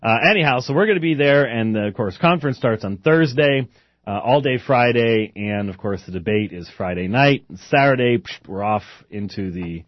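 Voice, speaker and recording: A man's voice: medium pitch, expressive, moderate pace, dry recording. Rambling man hosting a lo-fi talk show. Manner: chatty, digressive, many fillers and restarts. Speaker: podcast host. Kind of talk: casual rambling commentary.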